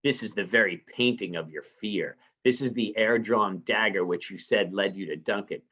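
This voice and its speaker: A man's voice: lowish voice, moderate pace, bright, forceful tone, breathy edge. A man reading aloud the lines of a commanding noble lady at a banquet, reciting verse firmly and insistently. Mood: scornful. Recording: slightly muffled lo-fi recording.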